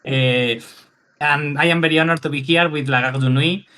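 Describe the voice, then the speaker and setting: A man's voice: fairly high pitch, steady tone, normal speed, pushed and bright. A man from Spain with a Spanish accent, a guest on a live fan stream, talking effusively with many restarts and switching between French and English. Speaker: guest, fan website administrator. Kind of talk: casual live-stream chat.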